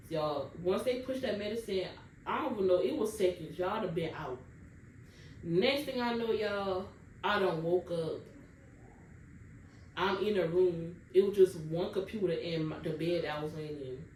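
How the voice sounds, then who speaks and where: A woman's voice: lowish voice, brisk, darkish tone. A young woman tells her own birth story to viewers in a casual, emotional way and keeps calling them y'all. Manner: addresses viewers as y'all often, casual Southern US dialect. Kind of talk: emotional personal storytelling to camera. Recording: roomy sound from a distance with faint background noise.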